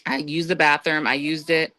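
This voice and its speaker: Lower-pitched woman telling a story animatedly. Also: moderate pace, no room sound. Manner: lively, acts out quoted voices with big pitch jumps. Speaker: podcast guest. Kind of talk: casual storytelling.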